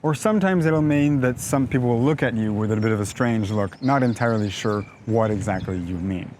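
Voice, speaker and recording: A man with a North American accent, an English coach explaining pronunciation in a measured, emphatic teaching manner. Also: lowish voice, a little mellow, slight background noise. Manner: measured, emphatic teaching delivery with frequent "now". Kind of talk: explanatory video lesson.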